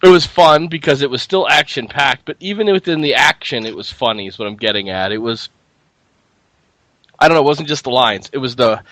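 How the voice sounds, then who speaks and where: A man's voice: medium pitch, a little fast, a bit bright, dry recording. A man co-hosting a casual film review chat, retelling scenes and laughing often.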